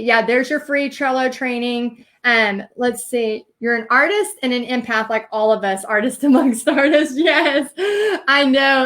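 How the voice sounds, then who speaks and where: A woman's voice: a little high, fairly bright tone. A woman giving a live-streamed training talk as a business coach, earnest and emotional, rambling with many fillers.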